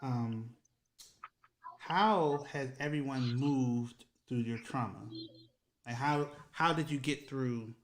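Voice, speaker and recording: A man's voice: mid-range voice, slight background noise, low-quality recording. Filler-heavy man hosting a panel. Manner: filler-heavy, repeats words, asks the group questions. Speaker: relationship educator and panel host. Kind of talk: casual panel discussion.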